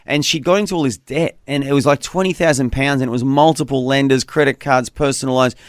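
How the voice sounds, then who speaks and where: Radio host, male, mid-pitched, conversational storyteller, dry close studio sound. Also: steady tone, no echo. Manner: warm conversational storyteller, slows to repeat phone number. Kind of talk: call-in radio talk.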